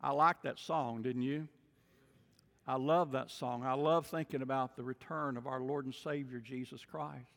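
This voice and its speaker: A man preaching a sermon as pastor, telling stories and swinging between booming and hushed delivery. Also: long reverb tail. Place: church sanctuary.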